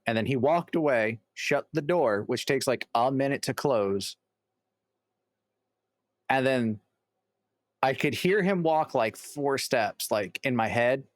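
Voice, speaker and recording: A man's voice: mid-range voice, lively intonation, measured pace, long pauses, no echo, clean studio sound. A man giving casual, rambling reaction commentary, full of fillers and restarts. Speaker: reaction video host.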